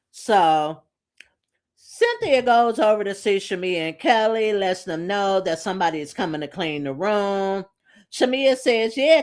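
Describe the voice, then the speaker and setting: Sassy woman recapping reality TV. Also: mid-range voice. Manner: sassy, opinionated, quotes the cast with attitude. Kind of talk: casual episode recap.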